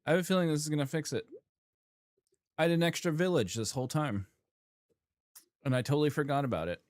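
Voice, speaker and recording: A man's voice: on the high side, quick pace, no room sound. A man streaming a game, chatting casually with his viewers and playfully exasperated with himself. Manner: animated, exasperated, laughing at himself. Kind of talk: casual live-stream chat.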